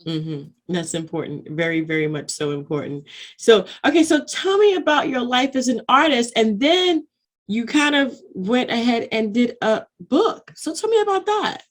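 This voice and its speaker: A woman's voice: a little high, lively intonation, normal speed. A woman interviewer who asks open questions and offers short encouraging replies. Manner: encouraging, brief affirmations. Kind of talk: casual interview.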